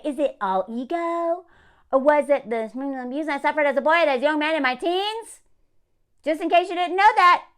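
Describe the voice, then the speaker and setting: A woman talks through a casual commentary in a high, bright-toned voice. She is sarcastic and exasperated, with plenty of fillers and restarts. She slips into mocking voices when she quotes someone. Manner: mock-reads quotes in put-on voices. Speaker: commentary vlogger.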